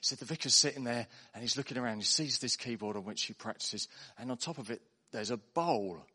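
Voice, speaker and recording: A male pastor preaches in a church, chatty and self-deprecating as he tells stories and jokes. His voice sounds bright and lively at a middling pitch. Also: brisk, slightly rough. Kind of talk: humorous sermon storytelling.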